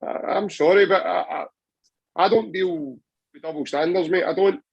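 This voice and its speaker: A man's voice: high-pitched, normal speed, vocal fry, slightly rough, no echo, dull audio. A Scottish man chatting passionately about football on a podcast, rambling with many restarts. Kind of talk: casual football chat.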